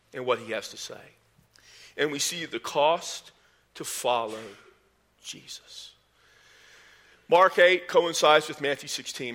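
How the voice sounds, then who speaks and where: A man preaching a sermon, animated, rising in pitch and volume to stress his points, with folksy asides. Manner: folksy asides and sports metaphors. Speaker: pastor.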